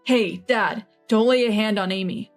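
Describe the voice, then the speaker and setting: A woman reading as a calm, protective young husband. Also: high voice, normal speed, faint music behind. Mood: firm. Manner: firm and steady.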